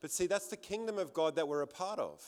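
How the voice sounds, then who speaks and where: A man's voice: fairly high pitch, lively intonation, fast talker, darkish tone. A man preaching a sermon to a congregation in a church hall, fervent, often repeating words as he builds up. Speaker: pastor.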